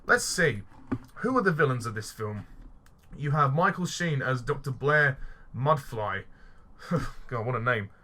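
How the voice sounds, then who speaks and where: A man rants his way through a film review with a bright, forceful voice. He sounds fed up, swears freely and keeps stumbling and restarting his sentences. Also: mid-range voice, animated, unhurried, long pauses. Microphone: voice-only recording.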